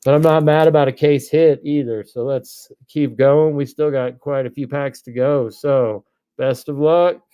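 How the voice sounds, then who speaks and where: A man, hosting a live card break stream, reading off names and breaking into excited shouts. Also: mid-range voice, measured pace, clear, resonant tone.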